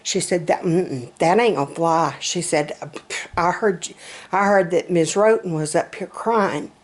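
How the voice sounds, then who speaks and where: A woman's voice: on the low side, a little slow. A middle-aged woman, chatting in a self-mocking, storytelling way. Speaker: vlogger. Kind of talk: casual chat.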